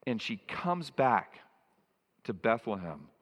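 A man's voice: lowish voice, sing-song, takes it slowly, in a large hall. A man preaching a sermon as a pastor, stressing and repeating key phrases.

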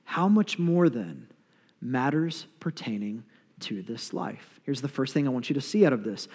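A man preaching a sermon as a pastor, conversational and animated, with playful asides. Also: fairly high pitch. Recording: long reverb of a large hall.

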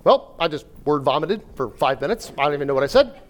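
A man giving a sermon-style talk, telling a personal story in an animated way, with fillers and acted self-talk. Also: on the high side, fast talker. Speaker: speaker at a church.

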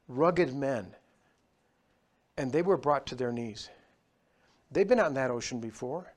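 A man's voice: mid-range voice, expressive, unhurried, long pauses. Emphatic male preacher. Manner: emphatic, swings between loud rises and quiet drops. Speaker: pastor. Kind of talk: sermon.

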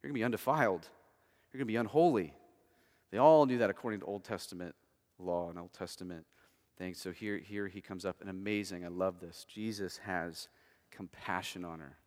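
A man preaching a sermon as pastor, conversational, moving between hushed and emphatic. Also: low-pitched, brisk, big-room sound.

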